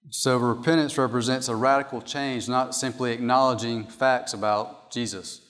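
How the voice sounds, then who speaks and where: A man's voice: medium pitch, steady tone, normal speed, hardly any pauses. A man preaching a sermon from an outline, emphatic and repeating his key points. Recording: long hall reverb.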